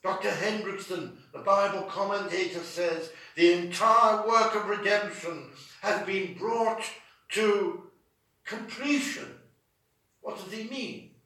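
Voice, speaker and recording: Guy preaching real slow, fervent, kinda higher voice, mic far off in a booming chapel. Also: pushed and bright, very echoey. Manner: fervent, drawn-out emphatic delivery. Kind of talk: sermon.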